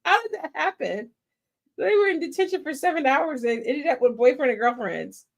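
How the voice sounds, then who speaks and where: A woman's voice: high voice, lively intonation, normal speed, vocal fry. A woman hosting a movie watch-party live stream, chatting casually and effusively and laughing often.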